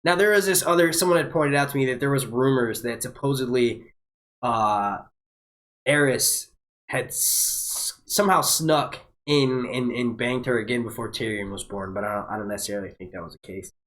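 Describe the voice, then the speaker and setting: Young male livestream host, casual and rambling, mid-range voice, quick to swear and laugh. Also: mid-range voice, a bit bright. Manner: rambling, with many fillers and self-corrections, swears and laughs easily. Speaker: host of a TV show discussion livestream.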